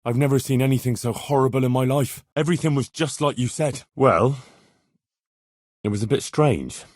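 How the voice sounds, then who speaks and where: An actor playing an earnest, dutiful young squire in a medieval game, speaking plainly and deferentially in recorded dialogue lines. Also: male voice, medium pitch, normal speed, darkish tone, no echo, studio quality, lightly acted. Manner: plain, sincere and deferential, with many lines read twice. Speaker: player character in a game. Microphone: close studio mic.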